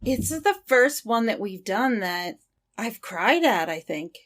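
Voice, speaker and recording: A woman's voice: mid-range voice, big pitch swings, slow. A woman co-hosting a casual podcast, talking in a reassuring way and often repeating herself for emphasis. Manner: warm and reassuring, emphatic repetition. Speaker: podcast co-host.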